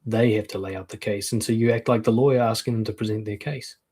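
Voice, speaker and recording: A man's voice: on the low side, steady tone, fast, mellow, husky. A man coaching on relationships in a live-streamed talk, frank and conversational, acting out quoted comebacks.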